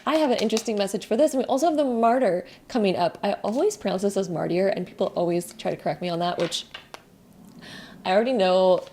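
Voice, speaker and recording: A young woman giving a casual spiritual tarot card reading, gentle and rambling with many fillers. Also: medium pitch, lively intonation, fast, a little hiss or hum.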